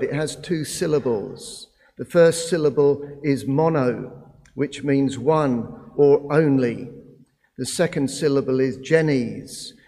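Slow, deliberate preacher in a hall. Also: male voice, mid-range voice, warm tone. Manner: slow, deliberate delivery with frequent "uh" pauses. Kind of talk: sermon.

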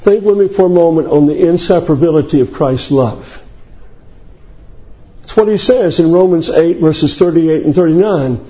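A man preaching a sermon, emphatic and building to high declamation as he quotes scripture. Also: normal speed, mellow, dull audio.

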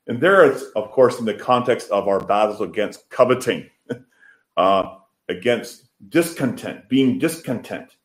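Low-voiced guy preaching, goes quiet then loud and pleading, roomy echo. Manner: rises to loud emphatic pleading, then drops soft and quiet. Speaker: pastor. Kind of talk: sermon.

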